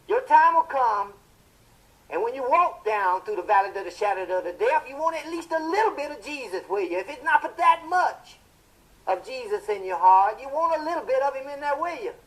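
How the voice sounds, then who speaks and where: An actor playing a fiery male television preacher, delivering a sermon in a booming, impassioned style with drawn-out emphatic phrases. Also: fairly bright tone, low-quality recording.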